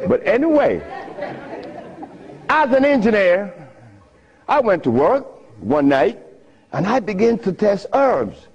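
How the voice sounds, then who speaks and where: An older man giving a talk, telling stories with frequent laughter and big swings in pitch. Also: big pitch swings, slow, vocal fry, long pauses, darkish tone, a faint crowd. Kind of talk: animated storytelling lecture. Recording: muffled lo-fi recording.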